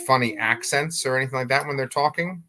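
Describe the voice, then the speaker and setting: A man's voice: mid-range voice, fast talker, pushed and bright. A man hosting a casual family video, asking his young daughter easy questions and cheering her on. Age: adult. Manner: chatty, encouraging, asks questions.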